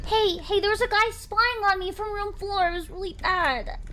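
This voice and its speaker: Bright high-voiced young woman streamer. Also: normal speed, slight background noise. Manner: playful, chatty with chat, mock-scared. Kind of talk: casual gameplay commentary.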